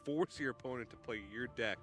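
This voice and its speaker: A man's voice: mid-range voice, fairly quick, sharp tone, faint music behind. A man co-casting a card game tournament, analytical with dry jokes. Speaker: esports caster. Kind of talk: live esports commentary.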